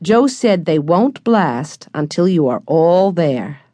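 A woman's voice: on the low side, big pitch swings, slow, mellow, no room sound, full character voice. Cheerful old boat captain, read by a woman. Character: friendly boat captain, cheerful older man.

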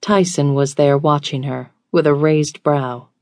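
A woman reading a romance audiobook in an even, measured way. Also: low voice, no room sound, studio quality. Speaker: audiobook narrator. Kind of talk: scripted romance narration.

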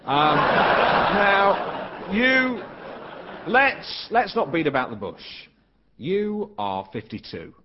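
A man's voice: high-pitched, big pitch swings, slow, pauses often, highs cut off, background noise, heavily acted. An actor playing an awkward, smug middle-aged male chat show host who fumbles his links and makes clumsy jokes. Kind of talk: studio comedy chat show parody.

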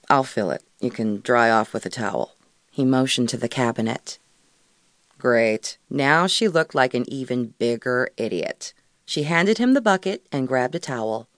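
A woman's voice: sits low, no room sound. Woman narrating an audiobook, dry. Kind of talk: scripted narration.

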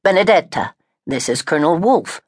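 A woman playing a short, round Italian father with a booming way of speaking. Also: lively intonation, slightly rough, dry recording, clean studio sound. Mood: plain. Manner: booming, slow.

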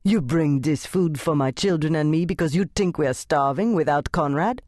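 A woman's voice: low voice, normal speed, darkish tone, dry recording, studio quality. A woman voicing a proud, bitter mother who speaks curtly and coldly. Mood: indignant. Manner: curt and cold.

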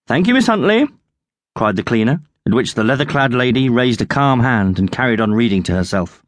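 A man narrating his own children's adventure book with lively, expressive storytelling. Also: medium pitch, brisk, dry recording. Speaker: audiobook narrator and author.

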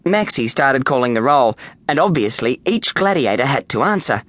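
A man with an Australian accent narrating a children's storybook in a lively, playful way on a close studio mic. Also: medium pitch, moderate pace, dry recording. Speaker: audiobook narrator.

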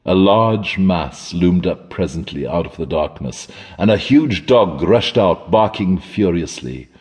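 A man narrating a classic horror story in a measured, dramatic storytelling manner. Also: sits low, expressive, a little mellow, husky, big-room sound. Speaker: audiobook narrator.

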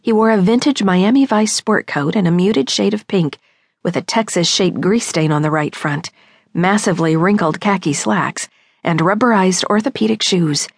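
A woman's voice: mid-range voice, moderate pace, dry recording, clean studio sound. A woman narrating a comic mystery audiobook in the first person, with a wry, knowing storytelling manner.

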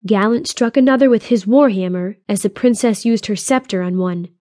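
A woman reading a fantasy audiobook in a steady, even storytelling voice on a close studio mic. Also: medium pitch, normal speed, no room sound. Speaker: audiobook narrator. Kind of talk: scripted fantasy narration.

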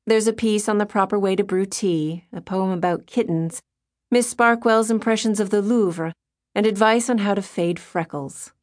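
A woman voicing an earnest, determined young schoolgirl writer who speaks crisply in a storybook reading. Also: medium pitch, no room sound, clean studio sound, natural voice. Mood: brisk. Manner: crisp and brisk.

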